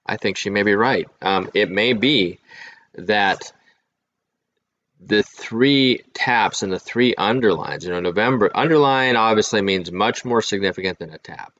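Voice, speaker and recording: A man with a fairly low voice talks through his ideas as host of his own channel, often pausing and restarting mid-thought. The recording sounds muffled and lo-fi. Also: a bit bright. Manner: musing, thinking aloud with restarts. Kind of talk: casual commentary to camera.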